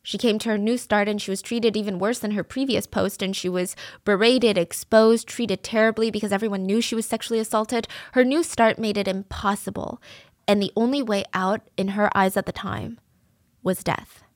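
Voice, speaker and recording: A woman's voice: mid-range voice, steady tone, normal speed, dry recording, studio quality. A woman narrating a true crime case in a casual, conversational way, earnest and openly moved.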